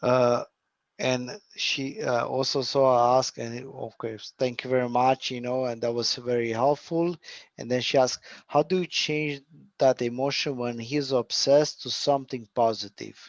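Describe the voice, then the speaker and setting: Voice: mid-range voice, fairly even intonation, normal speed, dry recording. A host moderating an online talk, hesitantly relaying audience questions. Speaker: group host. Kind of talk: interview moderating. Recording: dry and dull, lo-fi.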